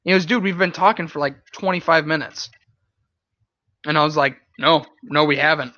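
A young man with a bright, forceful voice sitting just a little high, recounting a spooky memory in easy chat. He laughs often and swears offhand. The sound is dry and a bit dull, like a cheap podcast mic. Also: a little fast, no room sound. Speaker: podcast host. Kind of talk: casual storytelling chat.

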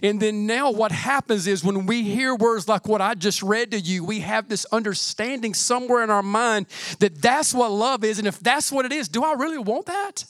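A man, a pastor, preaching a sermon with lively calls to the congregation and emphatic repetition. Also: high voice, normal speed, dry recording, studio quality.

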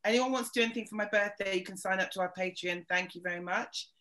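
A woman hosts a podcast in easy, casual chat, playful and full of jokes. Her voice is bright and clear, sitting in a middle range for a woman. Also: medium pitch, fast talker. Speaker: podcast host.

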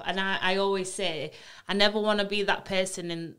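A woman's voice: medium pitch, fairly even intonation, brisk, fairly bright tone, clear, resonant tone. A woman co-hosting a podcast, talking in an earnest, outspoken way in casual chat. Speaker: podcast co-host, journalist.

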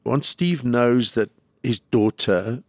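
A man's voice: medium pitch, takes it slowly, darkish tone, no room sound. A comedian, a man, talking in an emotional, rambling way as a podcast guest. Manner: rambling, jumps between thoughts.

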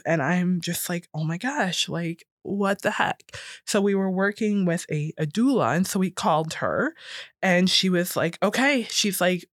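Woman in her 30s telling a story, lots of fillers, jumps way up when quoting people, dry close sound. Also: dry recording. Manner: animated, acts out quoted voices higher. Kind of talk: casual storytelling.

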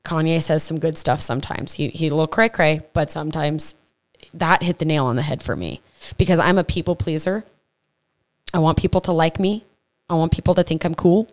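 A woman hosting a faith podcast, teaching in a chatty, earnest way, with stumbles and quick asides. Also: low voice. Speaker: podcast host. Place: home podcast setup.

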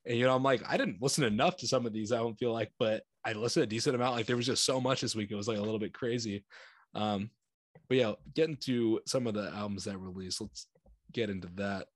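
Speaking fast with a lowish voice, this American man co-hosts a casual podcast. His talk rambles loosely, with frequent laughter and acted-out reactions; the studio-quality audio has no room sound.

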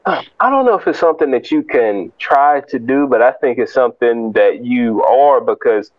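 A man's voice: medium pitch, normal speed, dry recording, lo-fi sound. A young man in a casual faith chat, laid-back and jokey, acting out little scenes. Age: young adult. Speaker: podcast co-host.

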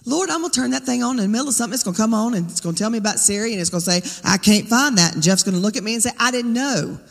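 A woman's voice: on the high side, rapid-fire, gravelly, in a large hall. A woman preaching a sermon, talking conversationally and firing rhetorical questions at the congregation. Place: church sanctuary.

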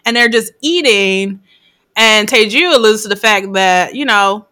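A woman's voice: medium pitch, a little slow, bright, forceful tone, smooth. A woman co-hosting a casual podcast, retelling a film scene by scene, swearing freely and laughing often as she acts out the characters' lines. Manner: laughs often mid-sentence while recounting. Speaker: podcast co-host.

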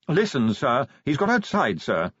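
A man's voice: high voice, big pitch swings, moderate pace, no room sound, voice pushed up. A man reading an audiobook, voicing a loyal middle-aged butler who talks deferentially and keeps saying sir. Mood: urgent. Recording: slightly dull dry studio recording.

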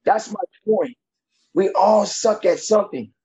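Blunt high-voiced coach, lively delivery. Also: male voice, measured pace, low-quality recording. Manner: blunt, emphatic tough-love talk. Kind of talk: podcast conversation.

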